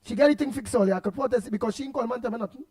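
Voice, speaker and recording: A man's voice: very high voice, racing, darkish tone. A man with a Trinidadian accent hosting a radio show, chatting casually and reading out listener comments with laughs and repeated words.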